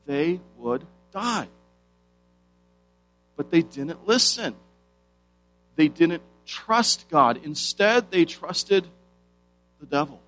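Emphatic preaching man over soft guitar. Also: on the high side, rough recording. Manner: emphatic, rhetorical questions, slows for stress. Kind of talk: sermon.

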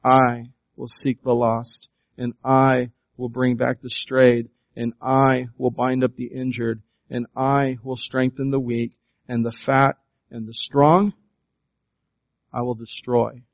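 A man's voice: medium pitch, level tone, takes it slowly, gravelly, dry recording, dull audio. A man preaching a sermon as pastor, reading scripture aloud and pressing his points with rising emphasis.

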